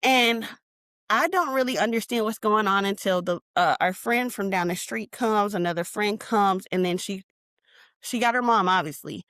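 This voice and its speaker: On a dry close mic with no echo, a podcast guest in a personal storytelling interview relates a painful memory. Her voice is mid-range and her pace moderate. The retelling is emotional, and she reenacts her own shouts.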